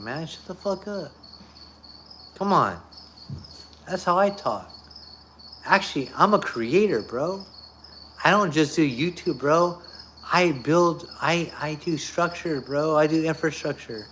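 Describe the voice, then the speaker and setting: A man with a voice pitched a bit high rants to camera in a loose, unscripted monologue. He is blunt and profane and hammers the same phrases again and again. Faint crickets chirp behind him. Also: a bit bright, a little hiss or hum. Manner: blunt, profane, repetitive ranting. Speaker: YouTuber. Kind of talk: off-the-cuff monologue.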